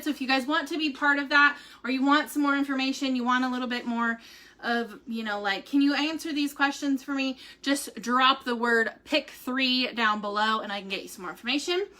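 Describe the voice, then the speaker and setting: Bubbly high-voiced woman vlogger. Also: bright, forceful tone. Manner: chatty and bubbly, full of fillers like "um" and "like". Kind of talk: casual live-stream chat.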